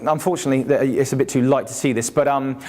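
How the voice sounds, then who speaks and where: A man giving an academic talk, halting and hesitant, with frequent restarts and fillers. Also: mid-range voice, steady tone, darkish tone. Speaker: university lecturer.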